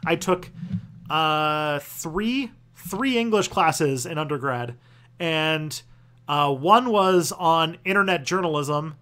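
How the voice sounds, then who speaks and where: A young adult man hosting a casual livestream Q&A, answering viewer questions in a rambling, halting way with constant restarts and the odd swear word. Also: on the high side, pushed and bright, smooth. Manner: loose and profane.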